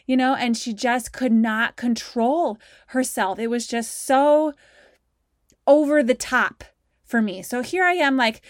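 A woman telling a personal story in an animated, conversational way, voicing her own past thoughts as she goes. Her voice sits a bit on the high side and the sound is dry and close, with no room echo. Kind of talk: storytelling talk.

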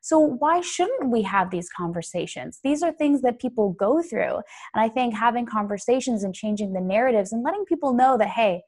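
A woman's voice: a little high, animated, moderate pace, few pauses, a little mellow. A woman hosting a podcast interview, speaking in an earnest, encouraging way. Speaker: podcast host. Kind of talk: casual interview talk.

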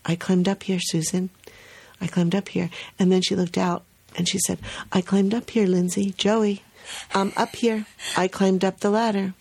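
A woman co-hosting a podcast about early childhood, telling a story in a casual, animated way and laughing often. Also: medium pitch, normal speed, gravelly, slightly rough.

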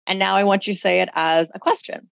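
A woman's voice: mid-range voice, fairly even intonation, quick pace, vocal fry, dry recording. A woman hosting a community call, talking listeners through reflective self-development exercises. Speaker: host leading a women's community call. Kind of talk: coaching talk on a group call.

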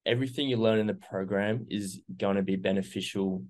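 A man's voice: fairly low pitch, steady tone, brisk, a little mellow. A young man, earnestly reflecting on his recovery as an interview guest, with many fillers. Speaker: guest sharing recovery story. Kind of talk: casual interview.

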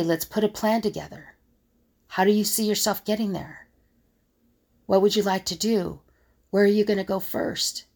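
Her voice is mid-range and creaky. She is a conflict resolution coach thinking aloud by herself, musing as she acts out the scoffing things people say.

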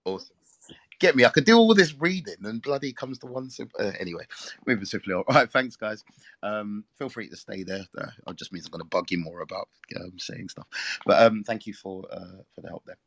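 A man's voice: on the low side, lively intonation, a little fast, dry recording. A man from England with an English accent, hosting a casual live audio chat room, talking in a chatty, rambling way and reading aloud to listeners.

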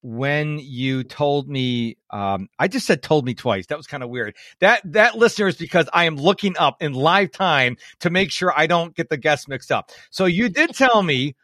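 A man in his fifties hosting a podcast interview, energetic and joking. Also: fairly high pitch, moderate pace, few pauses, no echo, clean studio sound. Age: 50s. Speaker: podcast host.

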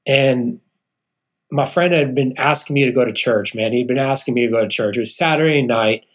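At normal speed and with a mid-range voice, a man in his thirties speaks as a podcast guest and real estate founder. He earnestly narrates his own testimony, performing the voices of those he quotes and calling the host "man."

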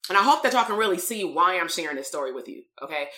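A woman's voice: on the low side, lively intonation, quick pace, bright, forceful tone. A woman coaching therapists in a live-streamed talk, telling stories in a blunt, streetwise way full of slang.

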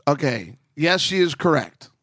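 A man with a fairly high voice co-hosts a casual chat podcast. He reads listener letters aloud and gets worked up over them. The sound is dry and close. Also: big pitch swings, unhurried, fairly bright tone, no echo. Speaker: podcast co-host reading listener questions.

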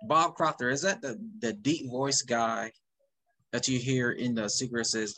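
A man's voice: mid-range voice, steady tone, a little slow, sharp tone, rough recording. A man hosting a podcast, asking questions in a casual, enthused way with chuckling asides. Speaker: podcast host. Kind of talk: casual interview talk.

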